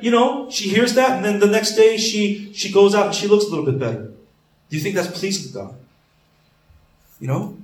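Male pastor with a high voice, earnest preaching, roomy echo on the recording. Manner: earnest, repeats words, asks questions. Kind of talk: sermon. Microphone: camera.

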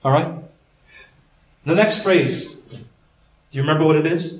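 A man's voice: a little high, a little slow, pauses often. A man preaching a sermon, earnest and questioning, often repeating his words as he goes. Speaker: pastor. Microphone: camera. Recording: roomy echo.

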